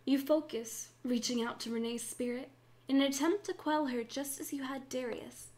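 A woman's voice: sits high, moderate pace, darkish tone. A young woman narrating a Minecraft role-play as game master, then playing frantically and swearing through the fights. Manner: frantic, swearing during combat.

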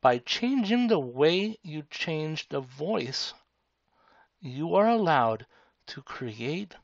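A man teaching a tutorial, speaking slowly and deliberately. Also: a little high, gravelly, dry recording. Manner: slow, deliberate, demonstrative. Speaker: speaking instructor. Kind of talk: tutorial explanation. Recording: dull lo-fi sound.

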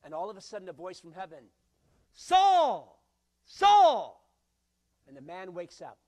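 A male pastor preaches a sermon in a high-pitched voice at a quick pace, animated and swinging between loud, forceful bursts and hushed, quiet lines. He acts out the voices of those he quotes and jokes with the congregation.

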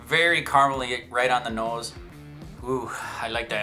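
A man's voice: medium pitch, fairly even intonation, normal speed, bright, forceful tone, soft background music. A man giving a casual whiskey tasting review, chatty and self-amused, with joking asides. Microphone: shotgun microphone.

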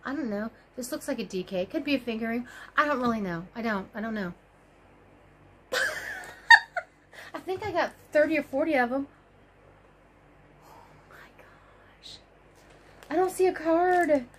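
Very high-pitched, gushing woman vlogger. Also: lively intonation, fast, slight background noise. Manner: gushing, gasping and squealing with delight. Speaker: crochet vlogger. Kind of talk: excited unboxing chat.

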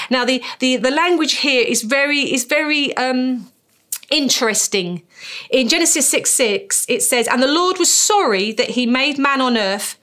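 A woman's voice: sits high, a bit bright. Emphatic British woman preaching. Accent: British English. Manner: emphatic, slows down to stress key phrases. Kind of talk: sermon.

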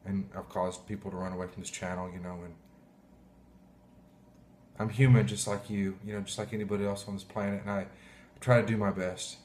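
A man pastor giving a heartfelt, halting sermon, often clearing his throat. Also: low voice, flat delivery, darkish tone, slight background noise. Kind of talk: emotional sermon.

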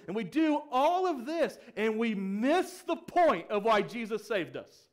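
A young male pastor with a high voice preaches a sermon. He asks the congregation questions and raises his voice when he acts out the quoted pleas. His delivery rises and falls with emphasis. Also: very animated, moderate pace, hardly any pauses.

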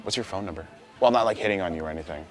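A man's voice: low-pitched, very fast, faint music behind. A young man hosting a prank video, talking casually and pleading in a playful, provocative way.

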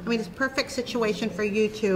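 A woman's voice: fairly high pitch, steady tone, racing, slight background noise, rough recording. A woman co-hosting a live show, friendly and steering the talk forward. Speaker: co-host.

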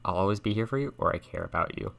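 A young man playing a chat game on stream, thinking aloud and softly reading the messages on screen. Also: deep voice, animated, racing, gravelly. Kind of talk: casual let's-play commentary. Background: game music and keyboard typing.

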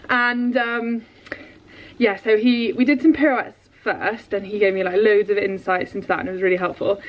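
A young woman, a dressage rider and vlogger, chatting in an excitable, rambling way to her viewers. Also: mid-range voice, moderate pace. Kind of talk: casual vlog chat. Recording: dull lo-fi sound.

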